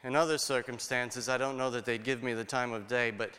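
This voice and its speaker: A man performing a dramatic first-person monologue as a grateful leper who was healed, earnest and swinging between hushed and exclaiming. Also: medium pitch, fairly even intonation, brisk, clean tone, close to an everyday voice. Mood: somber. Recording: long hall reverb.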